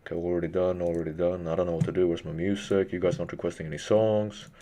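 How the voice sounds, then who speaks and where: A man live-streaming, chatting casually with his viewers, excitable and constantly swearing. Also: sits low, quick pace.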